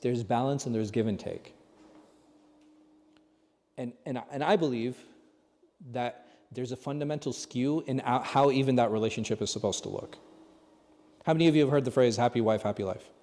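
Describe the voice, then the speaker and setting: In a large mosque hall full of long reverb, an imam teaches a class in a conversational style, repeatedly asking his audience rhetorical questions. He speaks at a normal speed in a dark, mid-range voice, pausing often.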